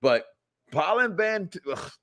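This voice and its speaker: Animated, joking man on a podcast. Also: sits high, slow. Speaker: co-host. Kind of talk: casual podcast chat.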